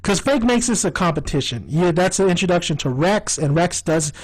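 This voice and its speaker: A man's voice: high-pitched, animated, fairly quick, low-quality recording. Rambling, profane man reviewing a sitcom. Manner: rambling, profane and laughing often. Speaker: TV show reviewer. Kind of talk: casual review vlog.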